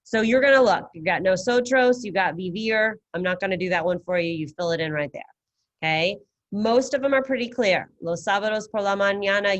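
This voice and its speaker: A woman's voice: mid-range voice, fairly bright tone, muffled recording. A woman teaching a Spanish class over a video call, casual and encouraging as she talks students through each step. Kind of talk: online class instruction.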